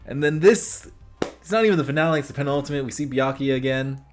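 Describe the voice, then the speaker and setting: A man hosting an anime reaction video, talking in a rambling, excitable way with many restarts. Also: mid-range voice, quick pace, faint music behind. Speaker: reaction channel host. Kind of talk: casual anime reaction commentary. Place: home room lit by reaction lamps.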